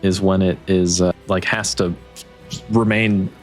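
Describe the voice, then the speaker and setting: A man with a fairly low voice runs a tabletop game session, explaining rules and calling turns in a loose, casual way. He apologizes often and laughs easily. Faint music plays behind him. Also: little pitch movement, measured pace. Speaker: game master.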